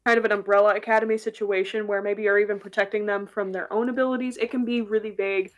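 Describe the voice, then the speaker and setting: A woman's voice: medium pitch, level tone, quick pace. A woman at a tabletop game night, explaining the rules in a reassuring, matter-of-fact way. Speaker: player. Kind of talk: casual tabletop game chat.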